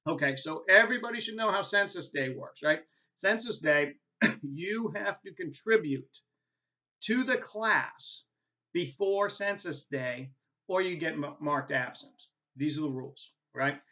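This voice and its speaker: Male instructor with a New England accent, somewhat high and bright voice, chatty and informal, dull lo-fi recording. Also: lively intonation, unhurried. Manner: casual and chatty, tags points with "right?", many "uh" fillers. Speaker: college instructor. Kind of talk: recorded course welcome video.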